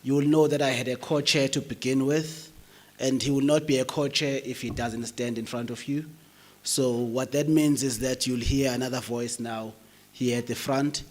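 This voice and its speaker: A man with a South African English accent chairing an academic session with a hoarse voice, joking easily with the audience. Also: mid-range voice, fairly even intonation, normal speed. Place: university lecture hall.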